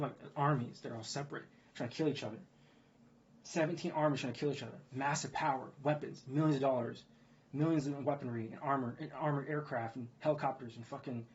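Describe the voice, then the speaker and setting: A man's voice: medium pitch, a little mellow, slight background noise. A man delivers a heated, rambling news rant in an ordinary middle-range voice, dropping swear words and asking rhetorical questions like "guess what". He circles back and repeats his points as he goes. The audio sounds a bit dull and lo-fi. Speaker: video blogger. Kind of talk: ranting commentary on news.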